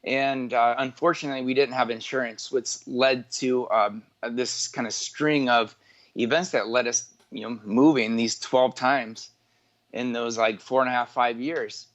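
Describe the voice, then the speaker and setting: A man's voice: mid-range voice, fairly even intonation, a little slow, fairly bright tone, dull audio. A man in his forties, an entrepreneur from northwest Indiana, telling his life story as an interview guest in a rambling way, full of filler words and self-corrections. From northwest Indiana, USA.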